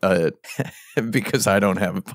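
A man co-hosting a podcast, telling stories in casual chat with animated, teasing exaggeration. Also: low voice, measured pace, no echo, studio quality. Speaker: podcast co-host.

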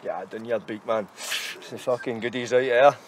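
A man's voice: medium pitch, moderate pace, slight background noise, close to an everyday voice. An actor playing a sarcastic male gangster who mocks his mates. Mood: mocking. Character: sarcastic young male gangster, mocking sidekick.

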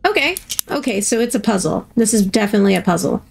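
A woman's voice: mid-range voice, animated, fast talker, vocal fry, slight background noise. A woman hosting a gaming video, giving chatty let's-play commentary and playfully reacting to herself as she plays.

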